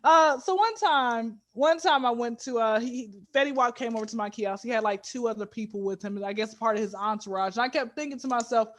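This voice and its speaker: A woman from with a high voice talks as a comedy guest. She tells casual stories in an animated, joking way, jumping into loud bursts of emphasis. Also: fairly quick, few pauses. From Georgia, USA.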